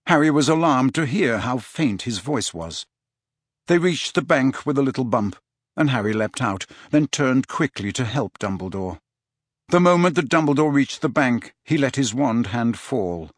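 A male audiobook narrator with a husky, middle-pitched voice. He tells the story in a steady, measured way, recorded dry and close. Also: dry recording. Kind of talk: scripted narration.

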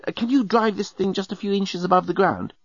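A man voicing an impatient, decisive young woman with a brisk manner. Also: sits high, creaky, dry recording, highs cut off, voice pushed up. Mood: worried.

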